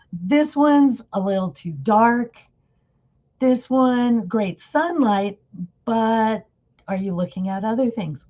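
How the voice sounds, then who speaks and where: A woman's voice: a little high, warm tone, highs cut off. A woman giving a casual webinar talk over a video call, chatty and often asking her listeners questions. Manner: chatty, asks the audience questions. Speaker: conference presenter.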